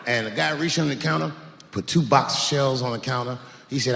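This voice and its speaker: Casting: male stand-up comic, gravelly, profane, lively storyteller, theater reverb. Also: medium pitch, fast talker. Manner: profane, animated storytelling with acted-out quotes. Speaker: stand-up comedian. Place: large live theater stage. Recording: reverberant hall with faint room ambience.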